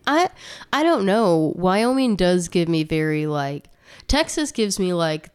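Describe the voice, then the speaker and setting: A woman's voice: fairly low pitch, very animated, a little slow, a little mellow, clear, resonant tone. A woman co-hosting a podcast, chatting casually and reading out statistics with asides, a little short of breath. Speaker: podcast co-host. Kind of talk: casual chat.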